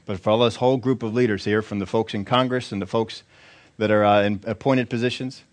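A man preaching. He is animated and slips into different voices for the people in his story. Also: lowish voice, fairly quick. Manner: animated preaching, acting out quotes in changing voices. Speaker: pastor. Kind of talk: sermon.

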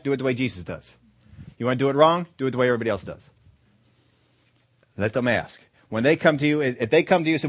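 A man preaching a sermon, emphatic, rising to loud stresses and dropping soft at the ends of phrases. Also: medium pitch, dry recording. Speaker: pastor.

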